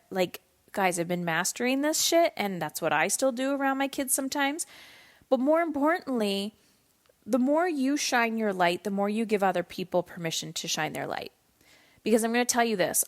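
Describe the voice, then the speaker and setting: A woman in her thirties hosting a motivational podcast for mothers, talking bluntly, swearing freely and acting out the voices she quotes. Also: mid-range voice. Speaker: podcast host and coach for mothers. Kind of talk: motivational solo podcast talk.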